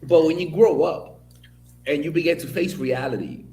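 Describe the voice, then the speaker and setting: A man's voice: fairly high pitch, normal speed, gravelly, slight background noise. Male commentator from the Dominican Republic, blunt and profane, on a roomy, echoey recording. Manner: blunt, profane, animated storytelling. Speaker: video commentator. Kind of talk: opinion commentary monologue.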